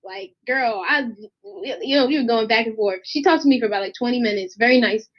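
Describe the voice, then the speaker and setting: A young woman singer, appearing as a guest artist, talks fairly quickly in a fairly high voice. In a casual interview she tells an animated story, acting out the voices of its people. The recording has a dull, lo-fi sound.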